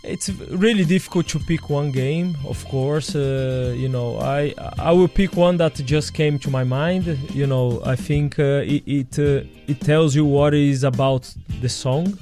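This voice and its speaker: A man speaking as a sits for a casual radio interview. He talks hesitantly, piling up fillers and restarting sentences as he searches for words. Soft music plays underneath. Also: a little high, a little slow, hardly any pauses. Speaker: guest, former footballer.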